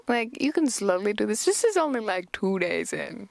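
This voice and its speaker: Woman creaky-voiced rambling podcast host. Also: fairly high pitch, animated, moderate pace, hardly any pauses, no room sound. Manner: rambling, filler-heavy, chatty. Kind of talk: casual episode recap.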